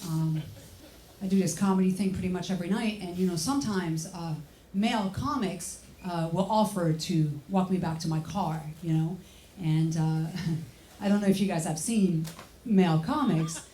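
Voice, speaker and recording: French lady comic doing stand-up, deadpan and sweary, echoey club, noisy crowd. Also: fairly low pitch, normal speed. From France. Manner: deadpan, sardonic, cursing. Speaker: stand-up comedian. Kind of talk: stand-up comedy set. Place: comedy club stage. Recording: echoey club, distant mic, audience noise.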